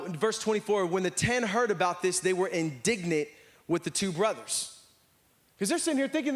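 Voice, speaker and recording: An American man preaching a sermon to a church, telling stories and acting out the voices of the people in them. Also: high-pitched. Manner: animated storytelling, acts out voices. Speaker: pastor.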